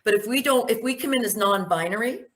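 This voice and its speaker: Woman presenter, emphatic, rhetorical questions, medium pitch, conversational talk. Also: fast talker, a bit bright. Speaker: speaker giving a presentation. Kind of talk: spoken presentation with Q&A.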